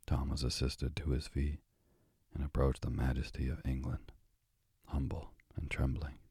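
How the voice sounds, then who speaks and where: A man narrating a storybook aloud in a slow, measured way. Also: a bass voice, flat delivery, dark tone, slightly rough, dry recording, studio quality. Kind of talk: audiobook narration.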